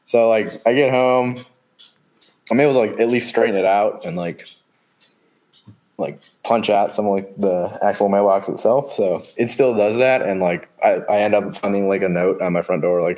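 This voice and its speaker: Low-voiced man rambling casually. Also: fairly even intonation, moderate pace, a little mellow. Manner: rambling, swears freely. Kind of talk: casual chat.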